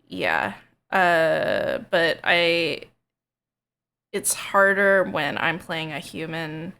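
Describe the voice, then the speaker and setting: A woman's voice: fairly low pitch, bright, forceful tone. A woman streamer in casual, rambling chat, hesitant and self-deprecating.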